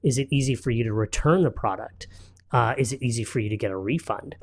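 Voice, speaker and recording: A man appearing as an entrepreneur guest on a talk show, relaxed and storytelling, with frequent fillers. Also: mid-range voice, fast talker, husky. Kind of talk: casual studio interview.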